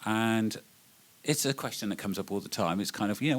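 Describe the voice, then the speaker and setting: Low-voiced, hesitant male interviewer. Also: a little fast. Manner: loose, hesitant questions full of fillers. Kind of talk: interview questions. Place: small live venue.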